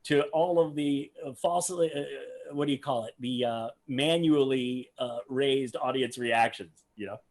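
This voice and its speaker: A man co-hosting a casual reaction chat about a magic clip, animated, acting out quotes and searching for words. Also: medium pitch, measured pace, hardly any pauses.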